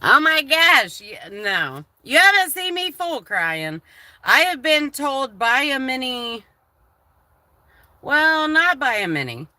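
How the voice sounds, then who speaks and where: A woman's voice: high voice, sing-song, slow, bright, forceful tone, dry recording. A woman chatting candidly on a livestream, emotional and swearing freely. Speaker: live streamer. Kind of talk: casual livestream chat.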